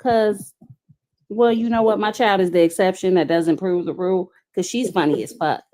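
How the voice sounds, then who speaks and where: A woman's voice: on the low side, fairly even intonation, normal speed, warm tone. A woman with a child, chatting casually in a group, blunt and joking, swearing freely. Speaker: guest.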